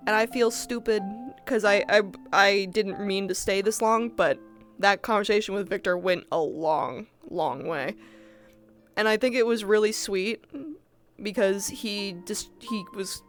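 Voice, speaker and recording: A woman's voice: mid-range voice, fairly bright tone. A woman livestreamer in casual chat with her viewers, swearing freely as she talks straight to chat. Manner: chatty, swears casually, addresses chat directly. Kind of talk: casual chat with viewers after a roleplay session.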